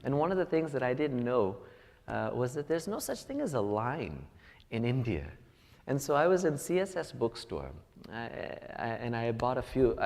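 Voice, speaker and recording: Guy preaching a sermon in a big echoey church hall, very lively up and down voice. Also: medium pitch, creaky. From United States. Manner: storytelling, rising to emphatic peaks. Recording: long reverb of a church hall.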